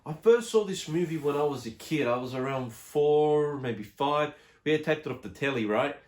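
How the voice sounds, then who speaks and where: A man's voice: fairly high pitch, lively intonation, normal speed, darkish tone. Rambling man unboxing a film. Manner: rambling, with many fillers and restarts. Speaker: collector reviewing a film release. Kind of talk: casual unboxing chat.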